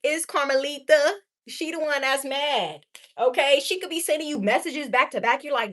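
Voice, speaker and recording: A woman's voice: sits high, normal speed, a bit bright. A young woman giving a casual tarot reading to her viewers, sassy and profane, often laughing. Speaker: tarot reader.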